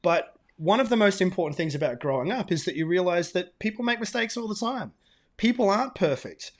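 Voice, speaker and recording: Animated man, higher voice. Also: brisk. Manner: animated, emphatic storyteller. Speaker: podcast co-host. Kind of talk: casual storytelling chat.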